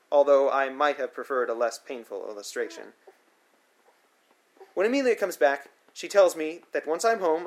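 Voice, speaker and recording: A man narrating his own memoir in the first person, with a dry, wry, matter-of-fact delivery. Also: medium pitch.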